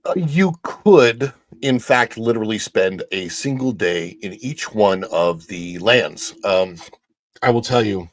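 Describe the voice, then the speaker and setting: A man who is a guest on a theme park show, talking in a halting, emotional way with many restarts. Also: lowish voice, animated, no room sound. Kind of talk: casual chat.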